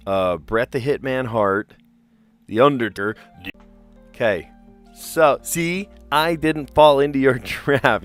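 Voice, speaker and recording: A man chatting casually on a live stream while he plays word puzzles, rambling and laughing often. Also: medium pitch. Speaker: teacher.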